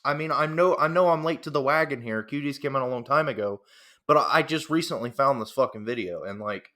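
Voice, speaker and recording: In a mid-range voice that is a little fast, bright, and forceful, a man gives a heated, cursing reaction rant. As a commentator, he winds himself up by saying the same things again and again.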